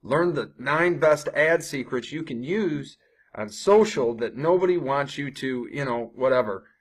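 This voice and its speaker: A man's voice: medium pitch, animated, measured pace, husky. A young adult man coaching viewers on ad copy in a casual, conversational way, often tacking on "right?" and restarting sentences. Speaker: online marketing coach. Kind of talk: casual screen-share tutorial.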